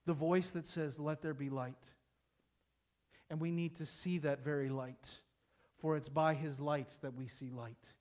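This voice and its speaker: Guy preaching in church, kinda high voice, gets loud then drops way soft. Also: fairly even intonation, a little slow. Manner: emphatic, building and falling in intensity. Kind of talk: sermon ending in prayer.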